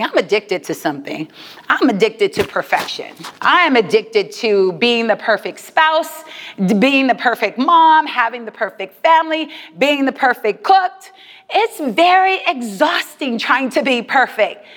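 Emphatic high-voiced woman preaching. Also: animated, normal speed, a bit bright. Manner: emphatic, rhythmic repetition, calls to the congregation. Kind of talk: sermon. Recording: long hall reverb.

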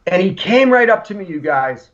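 A man, a punk musician guest, telling rambling, animated stories in casual chat. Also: high-pitched, normal speed. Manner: rambling, animated anecdotes with acted-out quotes. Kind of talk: casual storytelling. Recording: lo-fi podcast audio.

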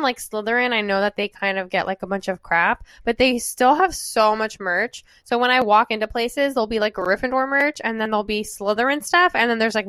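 A woman's voice: a little high, a bit bright, no echo. A young woman co-hosting a podcast, chatting casually with friends and filling her talk with "like". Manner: chatty, uses "like" often. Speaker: podcast co-host.

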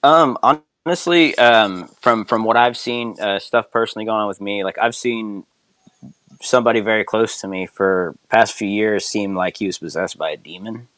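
A man with a lowish voice speaks as a podcast guest in a dry recording. He talks hesitantly, often pausing and restarting his sentences. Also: fairly bright tone, no echo. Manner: hesitant, many fillers and restarts. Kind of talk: casual chat.

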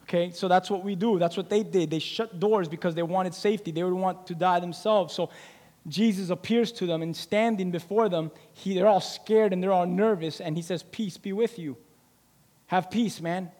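High-voiced male preacher in a reverberant hall. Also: fairly even intonation, a little fast, darkish tone. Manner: emphatic, repetitive, rhetorical questions. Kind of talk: sermon.

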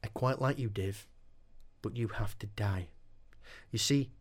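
A man voicing a calm, seductive witch. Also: medium pitch, a little slow.

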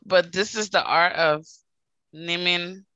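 A woman's voice: on the low side, slow, clear, resonant tone, no echo. A woman co-hosting a podcast, chatting casually and telling jokey family stories. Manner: animated, joking storyteller. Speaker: podcast co-host. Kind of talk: casual chat.

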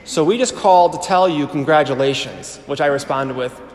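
A priest in his thirties telling his personal testimony to a live audience. He tells it with animated storytelling and acts out the voices he quotes. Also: a little high, a little fast. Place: large hall before an audience. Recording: echoey hall with long reverb.

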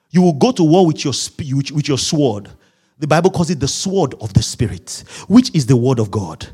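A male pastor delivering a humorous, animated sermon to his congregation. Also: a little high, breathy edge.

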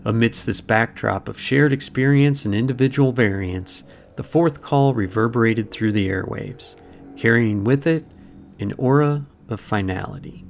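A man hosting a podcast, delivering ornate, solemn, scripted dramatic narration in a measured way. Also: lowish voice, creaky, a little hiss or hum.

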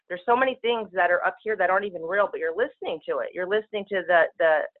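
A woman speaking as a spiritual healer guest, talking very fast in casual, rushing speech over a telephone call-in. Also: on the low side. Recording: tinny phone line.

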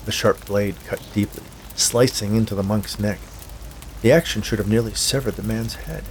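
Low gravelly male storyteller. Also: steady tone, slight background noise. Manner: measured, dark storytelling. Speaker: narrator. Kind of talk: scripted audiobook narration.

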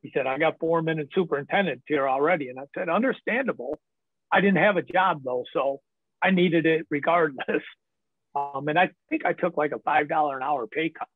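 A man's voice: on the high side, fairly quick, no room sound. A man from the northern United States, a podcast guest telling rambling stories in casual talk, often chuckling and swearing. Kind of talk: casual storytelling. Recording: tinny phone-like dry line.

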